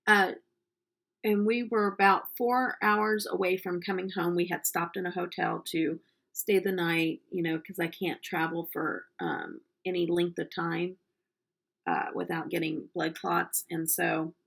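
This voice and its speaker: A woman's voice: on the low side, measured pace, gravelly, fairly bright tone. A middle-aged woman from the United States chatting casually while doing her makeup, telling a story with lots of ums. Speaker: makeup vlogger.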